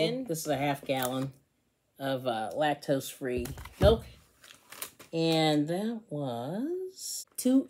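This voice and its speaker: A woman's voice: deep voice, darkish tone, slight background noise. A woman hosting her own casual grocery haul vlog, chatty and giggly, often apologizing for laughing. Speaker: channel host.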